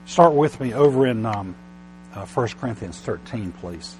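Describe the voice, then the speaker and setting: A man preaching a sermon, often restarting his words, slow and halting at first and then building to loud, emphatic passages. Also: medium pitch, animated, a little hiss or hum, low-quality recording.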